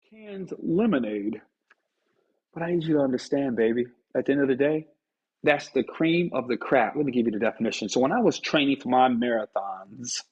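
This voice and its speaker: In a dull, lo-fi recording, a man with a husky, darkish mid-range voice gives a motivational talk directly to the viewer. He is preachy but playful, poking fun at his listeners while driving his message home.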